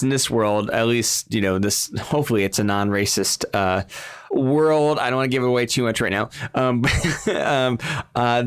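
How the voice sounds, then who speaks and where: A man's voice: mid-range voice, clear, resonant tone. A man co-hosting a podcast, recapping a film in a rambling, casual way with many fillers. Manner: rambling, many ums, laughs often. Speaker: podcast co-host.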